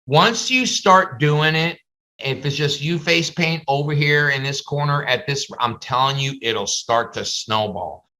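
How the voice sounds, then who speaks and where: A man's voice: fairly high pitch, unhurried, sharp tone. Chatty man teaching over a video call. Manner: chatty, storytelling, slips into comic voices. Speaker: face painting instructor.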